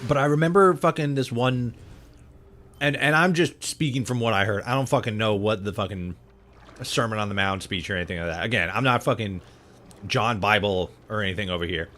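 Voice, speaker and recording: A man's voice: lowish voice, brisk, fairly bright tone. A young man chatting casually on a live stream while gaming, rambling and swearing heavily with many restarts. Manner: rambling, profane, full of restarts and laughs.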